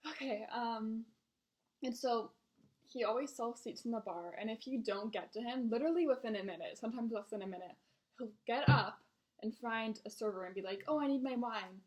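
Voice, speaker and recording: A woman's voice: on the high side, normal speed, a little mellow. A young adult woman, a restaurant server, telling casual stories about her customers in a blunt, exasperated way with plenty of swearing. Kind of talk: casual venting storytime.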